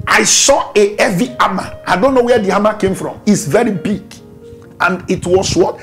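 A man preaching a fervent prayer sermon, shouting repeated declarations and breaking into tongues. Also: high voice, moderate pace, soft background music. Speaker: pastor.

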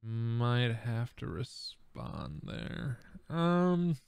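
Smooth-voiced man with a Wisconsin accent. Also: mid-range voice, sing-song, very slow, dry recording, studio quality. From southern Wisconsin. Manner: playful, drops pop-culture quips, muses aloud over moves. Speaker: board game player. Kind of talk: casual chat during a game.

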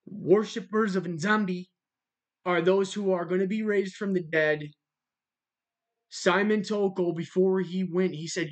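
A speaker giving a religious monologue in a measured way, spelling out words letter by letter and repeating them for emphasis. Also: medium pitch. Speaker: religious video narrator.

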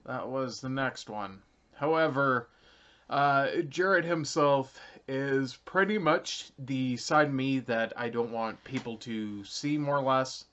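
Slow-talking Canadian man on a lo-fi mic. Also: mid-range voice, a bit bright. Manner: rambling, many ums and uhs, light chuckles. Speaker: channel creator. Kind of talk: casual talking-to-camera explanation. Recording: slightly dull lo-fi recording.

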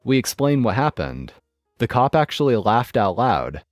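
A man narrating a written story in a steady scripted read. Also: mid-range voice, moderate pace, dry recording, studio quality, soft background music.

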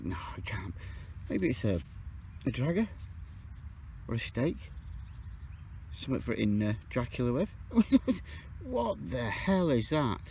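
A man talking casually to camera while metal detecting outdoors in a field, excitable and chatty. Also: measured pace, long pauses, slight background noise. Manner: chatty, excitable, pitch jumps when surprised. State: out of breath.

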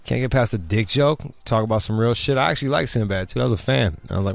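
A man's voice: mid-range voice, fast, creaky, no echo, faint music behind. A man hosting a comedy talk show, riffing bluntly and swearing constantly. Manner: blunt, swears constantly, riffs with mock voices. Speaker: podcast host. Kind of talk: profane comedic commentary.

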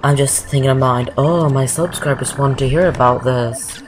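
At a normal speed, a woman with a very deep voice provides casual, wandering Let's Play commentary over a game walkthrough, regularly going off on tangents. Game music plays behind her, and the rough recording carries a little hiss or hum.

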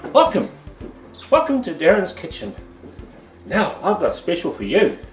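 A man's voice: sits high, a little mellow, reverberant. A man with a New Zealand accent hosting a goofy comedic cooking show from his home kitchen, full of playful sing-song exclamations.

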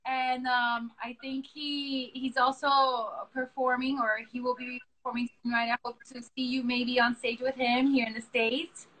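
Woman host on a phone video call, high bright voice, eager and encouraging. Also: flat delivery, a little slow, hardly any pauses, low-quality recording. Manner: eager, encouraging, reads questions from notes. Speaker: host, interviewer. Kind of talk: casual interview on an Instagram live video call. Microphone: phone on a live video call.

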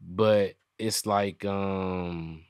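A man hosting a podcast in casual chat, given to loud joking roasts and bursts of laughter. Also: deep voice, fairly even intonation, drawn-out words, clean tone, no echo, studio quality. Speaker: podcast host.

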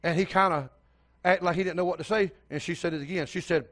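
A man's voice: high voice, expressive, fast talker, fairly bright tone. An older man preaching a sermon as pastor, telling a story and speaking straight to the congregation.

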